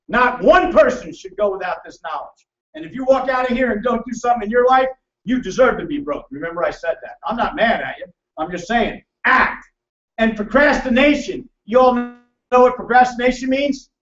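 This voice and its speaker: A man presenting a financial seminar to a live audience, loud, emphatic and hectoring as he teases the crowd. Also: high-pitched. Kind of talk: motivational seminar lecture. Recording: echoey, distant, dull room recording.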